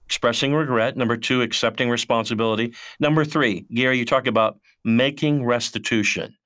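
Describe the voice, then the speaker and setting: A man's voice: medium pitch, fairly quick, fairly bright tone. A man hosting an interview, steadily going through a list of points and asking his guest to explain each one. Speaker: host.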